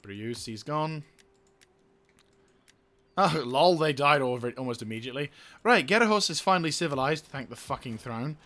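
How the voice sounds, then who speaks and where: A young man with a bright, sharp voice talks through his strategy game. He swears freely and rants at the enemy, then drops back to muttering over menus. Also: fairly high pitch, expressive, moderate pace, pauses often. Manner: profane, ranting, venting frustration. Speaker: gaming YouTuber. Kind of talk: let's play commentary.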